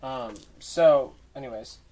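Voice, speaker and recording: A man's voice: medium pitch, takes it slowly, darkish tone. A man in a casual chat, laid-back, prompting his friend and chiming in.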